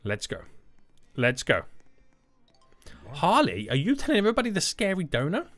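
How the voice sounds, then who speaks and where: Excitable young gaming YouTuber. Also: male voice, on the high side, moderate pace, pauses often, faint music behind. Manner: excitable, jokey, talks to chat and teammates. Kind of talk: energetic Roblox gameplay commentary.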